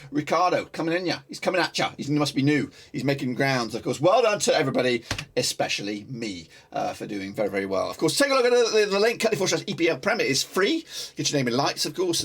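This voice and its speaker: A man hosting a football prediction channel, chatting casually to viewers, boastful and hyped, swinging between loud gloating and quiet muttering. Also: medium pitch, husky. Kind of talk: excitable casual chat to viewers.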